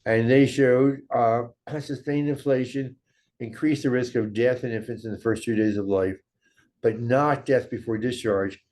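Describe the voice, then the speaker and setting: Older male lecturer, mid-pitched voice, steady and measured, presenting research slides. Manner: measured, walks through slides and study data. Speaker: medical lecturer.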